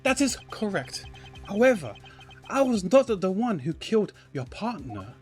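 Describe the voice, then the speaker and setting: A man voicing a composed adult male prosecutor in a game, speaking formally and in a measured way. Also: high-pitched, very animated, soft background music, pitched above the performer's own voice.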